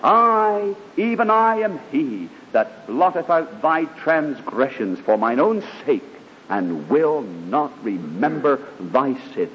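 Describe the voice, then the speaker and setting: A man preaches a sermon in a slow, sing-song voice, fervently and emphatically recounting his own conversion. The hall recording is dull and lo-fi, with a faint rumble underneath.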